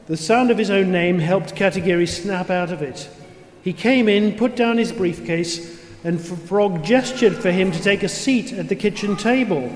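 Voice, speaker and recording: A man reading a story aloud in a steady, clear manner with occasional asides. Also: high-pitched, normal speed. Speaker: reader. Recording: roomy with long reverb, faint noise.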